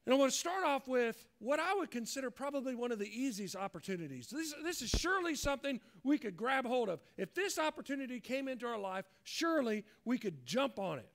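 A man's voice: very high-pitched, sing-song, brisk, hardly any pauses, a bit bright. A man as a pastor preaching a sermon earnestly, acting out the voices he quotes.

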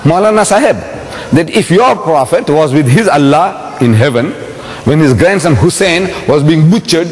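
A man putting on a taunting reverend, pitched high. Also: animated, moderate pace, lightly acted. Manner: pressing, mocking questions. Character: insistent taunting male Christian reverend. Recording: long hall reverb.

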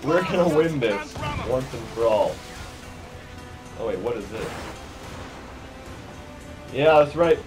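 A man giving casual let's play commentary, excitable and frustrated, with outbursts and shouts at the game. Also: medium pitch, slow, long pauses. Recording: game music loud behind voice. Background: game music.

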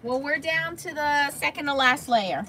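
A woman's voice: high voice, normal speed, sharp tone, a little hiss or hum. A woman hosting a crafting livestream, chatting casually and answering viewers' comments by name.

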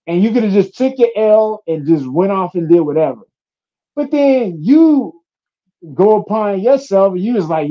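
A man's voice: high-pitched, normal speed, highs cut off. A young adult man, a fighter, chatting casually in an interview and telling stories with acted-out quotes and plenty of swearing. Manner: animated storytelling, acts out quotes, swears freely. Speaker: UFC fighter.

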